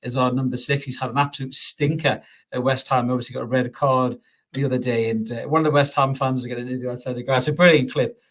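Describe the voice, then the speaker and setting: A man's voice: medium pitch, fairly even intonation, quick pace, a bit bright. A man hosting a casual football podcast. He is chatty and sweary, laughs often and restarts his sentences a lot. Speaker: podcast host. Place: home studio, podcast.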